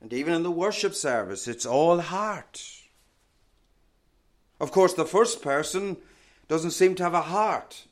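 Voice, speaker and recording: A man preaching a sermon in a measured, emphatic teaching manner, often asking rhetorical questions. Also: a little high, lively intonation.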